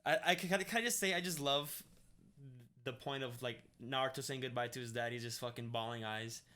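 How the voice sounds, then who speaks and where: A young man co-hosting a casual podcast, talking excitedly, swearing freely and often restarting his sentences. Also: mid-range voice, a little fast. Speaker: podcast co-host. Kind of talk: casual chat.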